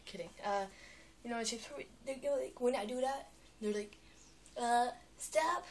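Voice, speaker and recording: A young girl talking on a vlog, chatty and animated, with lots of filler words. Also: on the high side, normal speed, a crowd in the background. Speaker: vlogger. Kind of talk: rambling vlog monologue.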